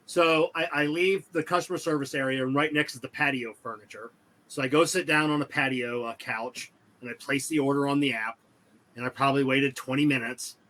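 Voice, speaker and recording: A man's voice: medium pitch, a little fast, pushed and bright. A man co-hosting a casual podcast chat, telling a rambling anecdote and quoting both sides of the conversation. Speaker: podcast co-host.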